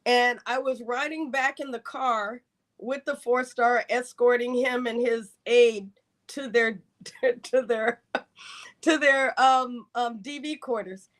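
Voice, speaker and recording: During a podcast interview, a woman with a fairly high-pitched voice speaks slowly through a long story of her career as an Air Force colonel, now retired. She animates it by acting out the dialogue of the people she mentions.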